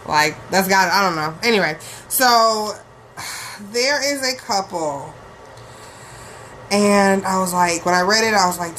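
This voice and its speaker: A woman's voice: medium pitch, a little slow, long pauses, a bit bright, a little hiss or hum. A woman hosting her own podcast, talking in a casual, profane, rambling way with laughing asides. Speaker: podcast host. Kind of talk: casual solo podcast rant.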